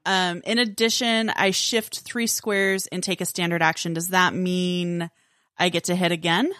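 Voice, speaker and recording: A woman's voice: lowish voice, little pitch movement, a little slow, fairly bright tone, no room sound, studio quality. A woman playing a tabletop game, thinking aloud and working through the rules carefully. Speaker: player.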